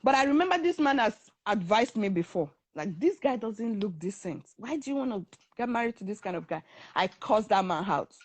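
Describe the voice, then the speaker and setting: A young woman recounts her story in a lively, conversational way, switching into the voices of the people she quotes. Her voice sits a little high for a woman. The recording is close and dry, with no room sound. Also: normal speed, no room sound. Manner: animated, acts out the voices of others in her story. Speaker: guest telling her story. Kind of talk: casual storytelling.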